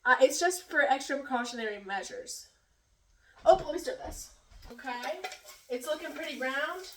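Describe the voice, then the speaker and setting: A woman's voice: high voice, expressive, moderate pace, roomy sound, far from the mic. A young woman vlogger telling a rambling story in a casual, giggly way while cooking in her home kitchen.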